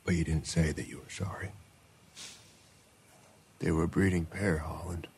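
A man's voice: sits low, steady tone, moderate pace, a little mellow, slightly rough. An actor playing a grieving, furious male hunter who speaks in cold, clipped demands, from a drama series. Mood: cold fury. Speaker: hunter confronting his employer.

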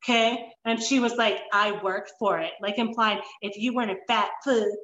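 A woman hosting a podcast interview over an online call, animated and blunt, swearing freely and going off on rambling asides. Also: medium pitch, moderate pace, echoey room, dull audio. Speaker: podcast host. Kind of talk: casual interview chat.

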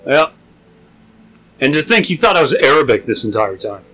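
A man's voice: medium pitch, very animated, normal speed, a bit bright, soft background music, poor audio. A young man chatting casually on a podcast, blunt and joking with crude humor. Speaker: podcast co-host. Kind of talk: casual chat.

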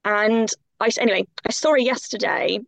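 A woman's voice: medium pitch, moderate pace, gravelly, dry recording. A woman guest on a podcast, talking in an impassioned, emphatic way. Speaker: guest coach. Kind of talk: podcast conversation.

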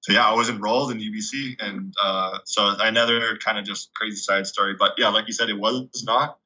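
A young man from Canada, a guest telling stories in a casual, chatty way, full of 'like' and animated retellings. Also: fairly low pitch, a little fast. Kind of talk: casual storytelling. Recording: dull lo-fi recording.

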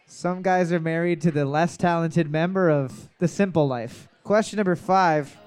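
A man runs a bar trivia night on a handheld mic, calling out questions and answers. His voice sits high for a man, and he jokes, laughs a lot and swears offhandedly. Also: moderate pace, a little mellow, smooth, soft background music. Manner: joking, laughs often, swears casually. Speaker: music trivia host. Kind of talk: casual bar quiz hosting.

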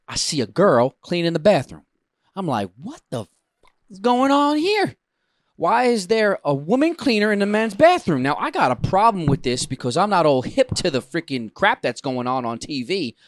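A man co-hosting a podcast, telling a story in a dramatic, animated way with casual swearing, close to the mic. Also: mid-range voice, dry recording. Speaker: podcast co-host.

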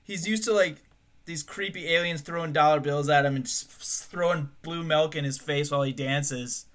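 A man's voice: a little high, normal speed, background noise. A man co-hosting a podcast in crude, joking casual chat, often breaking into laughter. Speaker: podcast co-host.

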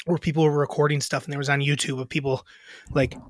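A man's voice: a little high, flat delivery, quick pace, no echo. A man co-hosting a podcast in casual chat, joking, profane and self-deprecating. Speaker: podcast co-host.

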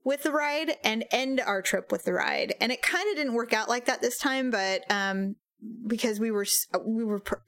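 Middle-aged woman on a podcast telling a funny story, bit high voice, does little voices for people, laughs a lot, dry close sound. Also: normal speed, no room sound. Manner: animated storyteller, acts out quoted voices, laughs often. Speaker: podcast co-host. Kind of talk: casual chat.

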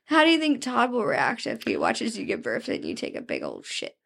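A woman's voice: medium pitch, wildly swooping pitch, brisk, vocal fry, a bit bright. A young woman co-hosting a podcast in casual chat, crude and joking, laughing often. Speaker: podcast co-host.

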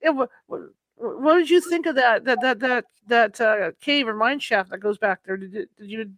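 A male host with a very high voice chats casually with his guest. He often repeats words as he gets going. His voice sounds dry and close to the mic. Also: moderate pace, a bit bright, no room sound, rough recording. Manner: chatty, repeats words when starting. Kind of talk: casual chat.

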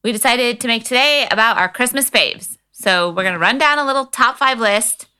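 A woman in her thirties co-hosting a podcast, telling stories in casual chat and leaping into high voices when she quotes. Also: moderate pace, clear, resonant tone. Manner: animated storyteller, jumps into high voices when quoting. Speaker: podcast co-host.

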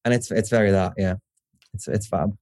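Young Liverpudlian man, mellow low voice, chatty and tangent-prone, dry close sound. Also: moderate pace, no echo. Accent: Scouse. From Liverpool, England. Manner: rambling, self-interrupting, swears casually, lively. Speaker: poet, guest. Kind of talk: casual interview chat.

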